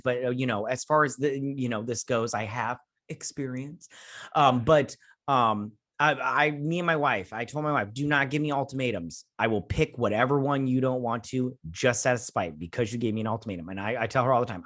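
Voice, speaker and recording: Man, casual show review host, rambling, frequent restarts, middle pitch. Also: fairly bright tone. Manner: rambling, restarts often with filler words.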